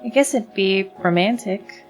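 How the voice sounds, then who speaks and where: Slow-talking woman reading a romance game. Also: mid-range voice, soft background music. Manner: gushing, with frequent restarts while reading. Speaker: let's play host. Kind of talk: game playthrough commentary and reading text aloud.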